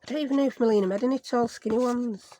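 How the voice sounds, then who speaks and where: Her voice is fairly high, very fast and dark in tone, with a little hiss or hum on the recording. She's a craft vlogger from Sheffield, narrating a craft-along in a chatty, rambling way, poking fun at herself and coining silly made-up words.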